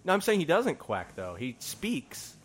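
A podcast co-host in casual chat, teasing and wry, quick with jokes. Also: medium pitch, wildly swooping pitch.

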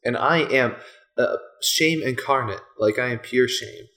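A man's voice: medium pitch, a little slow, bright, forceful tone. A man co-hosting a podcast in casual chat, with dry, self-deprecating humor and frequent laughs. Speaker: podcast co-host.

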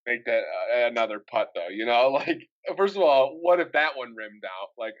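A man's voice: mid-range voice, lively intonation, moderate pace. Laid-back laughing man, dull lo-fi sound. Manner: laid-back, laughing often, agreeing with short replies. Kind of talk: casual chat.

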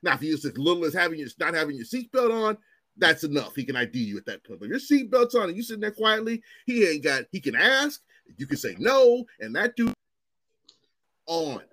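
A man in his forties telling stories in casual chat as host, animated and profane, acting out what others said. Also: a little high, brisk, no room sound. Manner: animated, profane, acts out quotes in raised voices.

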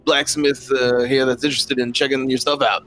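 A man's voice: mid-range voice, level tone, moderate pace, a bit bright, soft background music, close to an everyday voice. A man voicing a friendly, casual male guide in a tabletop game.

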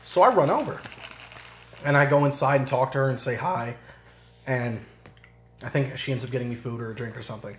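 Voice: medium pitch, a little fast, pauses often. A podcast co-host telling family anecdotes with laughter and casual swearing, recorded in a basement. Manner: laughing, profane anecdote teller. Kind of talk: casual chat. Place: suburban basement. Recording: roomy basement echo, faint hiss.

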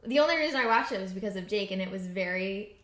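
A woman's voice: mid-range voice, animated, fast, fairly bright tone. A young woman, a podcast guest, telling stories in casual chat and giggling often. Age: young adult. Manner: chatty storyteller, giggly. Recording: echoey room.

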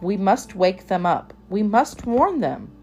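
A woman's voice: medium pitch, sing-song, slow, a little mellow, soft background music. A woman voicing a fussy, tidy little female mouse who talks in a prim, scolding way. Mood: anxious.

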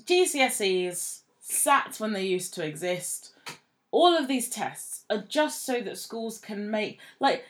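A woman's voice: medium pitch, very animated, takes it slowly. A woman in casual chat, blunt and opinionated, swearing freely.

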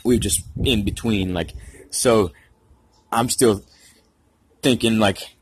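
A man's voice: fairly low pitch, slow, husky, no room sound. A man from Georgia, rambling through a casual, profane story. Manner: rambling, heavy profanity, slangy.

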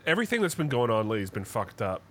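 A man's voice: mid-range voice, sing-song, racing, fairly bright tone. A man co-hosting a podcast, telling stories in casual chat with heated, profane rants. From Canada. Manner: profane, heated ranting storyteller. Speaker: podcast co-host.

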